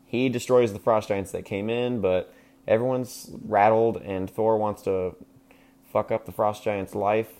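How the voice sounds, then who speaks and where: A man with a very low voice recaps a film on his podcast. He rambles loosely, peppering his talk with ums and likes and swearing for laughs. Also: fairly even intonation, measured pace, a little mellow. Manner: rambling, crude and joking, with frequent fillers. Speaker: podcast host. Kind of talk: casual movie recap.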